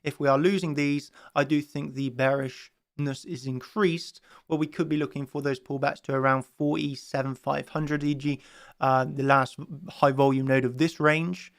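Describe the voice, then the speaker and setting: A man's voice: medium pitch, steady tone, normal speed, gravelly. A man giving a rambling chart analysis of a crypto market, full of fillers and restarts. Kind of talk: casual chart analysis monologue.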